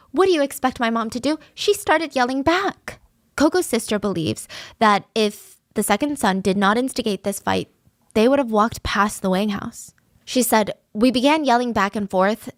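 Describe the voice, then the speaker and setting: A woman's voice: mid-range voice, no room sound. Woman podcast host narrating true crime, casual, dry close sound. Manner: conversational, animated asides, raises voice for quoted lines.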